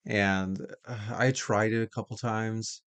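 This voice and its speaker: A man's voice: fairly low pitch, fairly even intonation, unhurried, a bit bright, clear, resonant tone, dry recording. A man hosting a podcast in casual chat, joking and rambling with self-interruptions. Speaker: podcast host.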